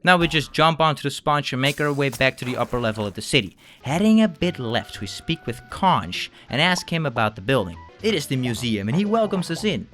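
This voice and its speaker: Male gaming narrator, mid pitch, very animated delivery, cheeky asides, light music bed. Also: fairly quick. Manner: joking asides to viewers. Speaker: gaming YouTuber. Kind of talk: playful game playthrough narration.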